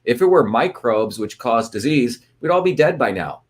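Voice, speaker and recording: This man runs a live online talk in a relaxed style, calling out viewers by place and rambling through ideas with plenty of fillers and false starts. His medium-pitched voice is husky and animated, moving at a normal speed.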